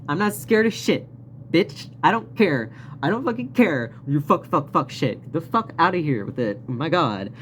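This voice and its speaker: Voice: mid-range voice, sing-song, moderate pace, a little hiss or hum. A vlogger telling a story in a casual, rambling rant, swearing often and laughing now and then. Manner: profane, rambling, frequent laughs.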